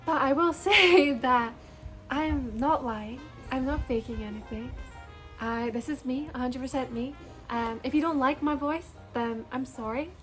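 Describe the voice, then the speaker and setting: A woman's voice: sits high, measured pace, fairly bright tone, faint music behind. A woman from Scotland with a Scottish accent, talking casually and earnestly to her viewers in a personal vlog. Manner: bubbly and earnest, addresses viewers as "you guys". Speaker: beauty vlogger.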